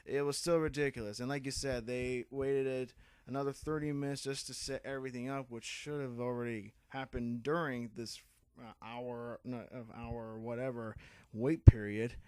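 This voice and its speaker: A relaxed young man with a mid-range voice, co-hosting a casual podcast. He mostly agrees with his partner and swears now and then. The recording is dry and close. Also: mid-range voice, moderate pace, clear, resonant tone, no echo. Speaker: podcast co-host. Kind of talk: casual chat.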